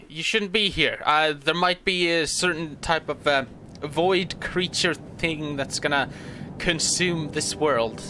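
A man's voice: on the high side, slow, hardly any pauses, pushed and bright, slight background noise. Rambling young man playing a game. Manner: rambling, stammering, swears freely. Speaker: gaming video host. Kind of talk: casual gameplay commentary.

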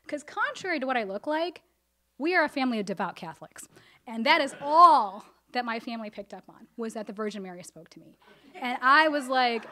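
A woman with a high voice tells a personal story to a live audience. She is animated and expressive, slipping into the voices of family members as she goes. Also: fairly quick. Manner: animated, acts out family dialogue.

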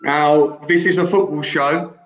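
Young host guy, slightly high voice, roomy echo, asks questions kinda slow and friendly. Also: steady tone. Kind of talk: interview questions.

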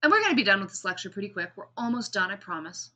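A woman giving a classroom lecture on public speaking, explaining vocal variety and demonstrating pace and pauses as she talks. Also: medium pitch, sing-song, sharp tone.

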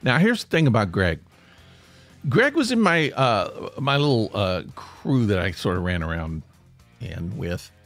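Lively, animated male podcast storyteller. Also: fairly low pitch, measured pace, soft background music. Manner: animated, self-deprecating, laughs mid-sentence. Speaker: podcast host. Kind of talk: comic storytelling.

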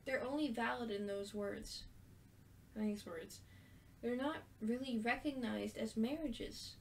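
A woman reading aloud the lines of a hurt but gentle young woman from a story game, in an earnest voice. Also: fairly high pitch, unhurried, slight background noise. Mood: upset.

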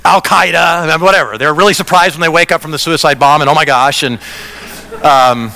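A man pastor giving a conversational, animated sermon in a church. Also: a little high, a little fast. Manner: conversational preaching, animated, acts out quoted voices. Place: church sanctuary. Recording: reverberant church hall.

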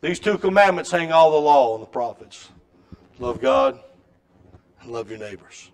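A middle-aged man preaching a sermon in a church, with a folksy storytelling way that swings between loud and soft. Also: fairly high pitch, lively intonation, normal speed. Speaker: pastor. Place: church sanctuary.

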